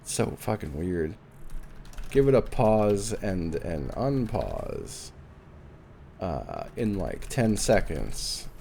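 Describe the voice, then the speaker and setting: A man's voice: sits low, sing-song, slow, vocal fry, warm tone, a little hiss or hum. A young man streaming a game live, chatting casually, swearing and thinking aloud as he thanks viewers. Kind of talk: casual live-stream chat while playing.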